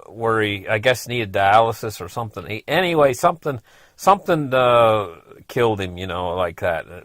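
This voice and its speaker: A man's voice: lowish voice, a bit bright, no echo. A middle-aged man casually telling a personal story, rambling along with lots of "you know" and frequent chuckles.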